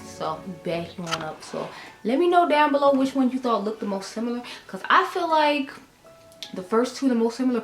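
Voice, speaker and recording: Chatty woman vlogging makeup. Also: mid-range voice. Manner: chatty, rambling, addresses viewers as y'all. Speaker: beauty vlogger. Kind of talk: casual chatty makeup tutorial. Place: room at home. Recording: echoey room with music behind.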